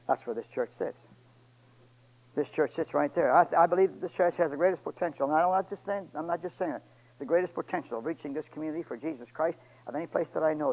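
A man preaching a sermon and retelling a story, pleading with his church and swinging between loud and hushed delivery. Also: a little high, poor audio.

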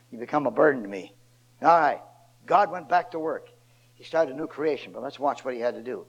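An older man preaching a sermon, originally from Ohio, swinging from loud emphatic lines to low quiet asides. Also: expressive, a little fast, low-quality recording. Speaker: pastor.

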